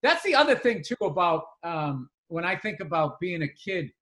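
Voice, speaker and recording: A man from the greater area, chatting on a podcast in a profane, animated storytelling way. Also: high voice, normal speed. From greater Boston area. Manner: profane, animated storyteller who acts out sounds. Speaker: podcast co-host. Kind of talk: casual chat.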